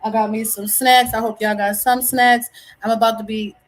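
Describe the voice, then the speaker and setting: A woman talks to her livestream viewers in a loose, chatty way. She sounds keyed up and excited and keeps greeting people in the chat by name. Her voice sits a little high for a woman. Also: moderate pace, poor audio. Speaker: livestream host.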